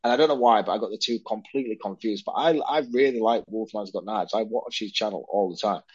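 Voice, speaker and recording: Low-voiced man chatting on a podcast. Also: fast talker, breathy edge, no room sound, lo-fi sound. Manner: rambling, self-mocking storyteller. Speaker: podcast co-host. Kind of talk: casual chat.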